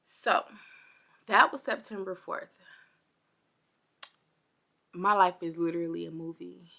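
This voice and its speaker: A young woman telling a storytime vlog to her viewers, chatty and animated, a little parched and under the weather. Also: on the low side, slow, creaky. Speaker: vlogger.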